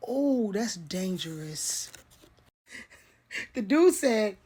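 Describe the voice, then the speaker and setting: A woman's voice: fairly high pitch, normal speed, a bit bright. A young woman giving blunt, sassy live commentary on a reality show, laughing and cursing as she reacts. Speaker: reaction vlogger.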